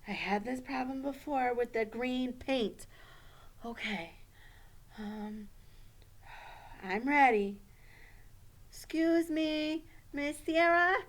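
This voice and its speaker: A woman's voice: high-pitched, takes it slowly, pauses often. A woman voicing an anxious young schoolgirl puppet in a children's puppet show, stammering and squealy. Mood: flustered.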